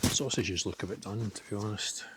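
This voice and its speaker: A man's voice: lowish voice, fairly even intonation, fairly quick, very noisy. A Scottish man vlogging casually from an outdoor forest campsite, thinking aloud in an easygoing, rambling way. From Scotland. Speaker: camping vlogger. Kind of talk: casual solo vlog chat.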